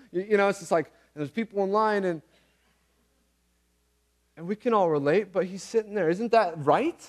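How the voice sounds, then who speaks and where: A man's voice: high voice, moderate pace, long pauses. A man preaching a casual, conversational sermon, earnest and repeating phrases for emphasis, with everyday slang. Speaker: pastor.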